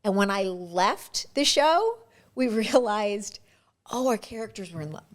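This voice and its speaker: A middle-aged woman in a relaxed interview, recounting her past with lively energy. She leaps into little acted-out snippets of dialogue and often stumbles and restarts mid-sentence. Her voice sits at an ordinary pitch for a woman. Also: a little slow. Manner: animated, acts out quoted dialogue, frequent restarts. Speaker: guest actress. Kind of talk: casual storytelling interview.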